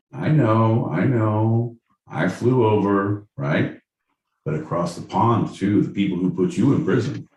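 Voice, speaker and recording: Animated swearing man, roomy far-off sound. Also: low-pitched. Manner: animated, swearing, mock stand-up bits. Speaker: podcast co-host. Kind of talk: casual comedic banter. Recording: echoey room, off-mic, faint noise.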